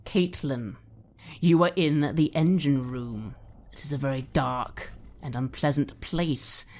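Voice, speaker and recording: A woman's voice: sits low, takes it slowly, a little mellow. A woman game master narrating a horror tabletop game in an atmospheric, descriptive way.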